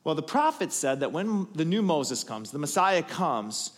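A man preaching, his voice sitting a little high for a man and swinging widely in pitch. He tells the story with animated build-ups, getting loud and emphatic before dropping to quiet asides. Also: unhurried, in a large hall. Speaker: pastor. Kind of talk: sermon.

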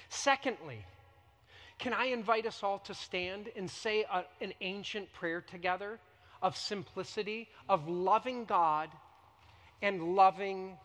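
Pastor guy preaching, kinda high voice, big dramatic pauses, echoey church hall. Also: sharp tone. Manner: emphatic, dramatic pauses and repetition. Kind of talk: sermon. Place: church sanctuary.

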